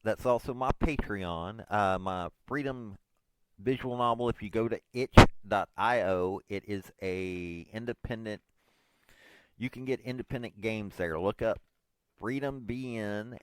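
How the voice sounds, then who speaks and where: A man's voice: on the low side, unhurried, clear, resonant tone, no echo. A man in his forties, hosting his own podcast, rambles casually and self-deprecatingly, with lots of hesitant fillers. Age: 40s. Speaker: podcast host.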